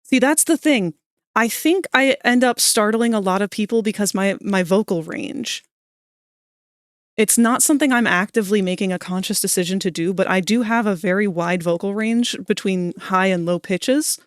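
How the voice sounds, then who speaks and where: A soft-spoken woman streaming from home, chatting casually with viewers into a desk microphone. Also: mid-range voice, normal speed, clean tone, dry recording, studio quality. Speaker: livestreamer.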